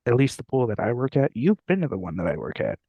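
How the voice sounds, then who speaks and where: Young man, podcast co-host, lively joking voice, dry close sound. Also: medium pitch, quick pace, no echo, narrow, tinny audio. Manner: laughs often, jokey, puts on silly voices for quotes. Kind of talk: casual chat.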